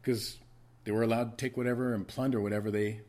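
A man's voice: on the low side, little pitch movement, fast talker, a little mellow. Emphatic male preacher teaching scripture. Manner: emphatic teaching, repeats key words for stress, asks listeners to take notes; conversational asides with fillers. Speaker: pastor. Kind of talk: sermon.

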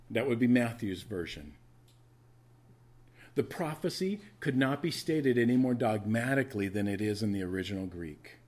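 Delivering a sermon in a medium-pitched, expressive voice with a darkish tone and moderate pace, this pastor teaches emphatically. He repeats key words for stress, drops in conversational asides and asks his congregation to write notes.

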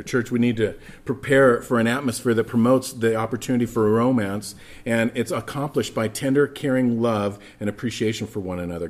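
A man preaching a sermon as pastor, telling stories and speaking straight to the congregation. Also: fairly low pitch. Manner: animated storytelling, addresses congregation directly.

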